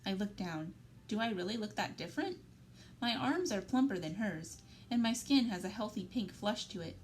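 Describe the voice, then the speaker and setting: A woman reads a novel aloud, steady and even-paced, with quiet emotional weight on key phrases. Her voice sits at a middle pitch over a faint background hum. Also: moderate pace, rough recording. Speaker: library story reader. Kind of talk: reading a young adult novel aloud.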